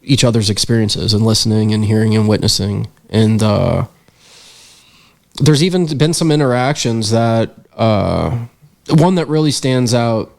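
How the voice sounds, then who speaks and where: A man's voice: fairly low pitch, measured pace, creaky, darkish tone. A young man, a podcast guest and filmmaker, telling a story in a casual interview, earnest and reflective with many fillers.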